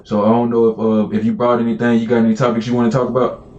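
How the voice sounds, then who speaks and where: A man hosting a casual call-in podcast, talking in a relaxed, rambling way with many fillers. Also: medium pitch, rapid-fire, echoey room, dull audio, a little hiss or hum. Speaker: podcast host.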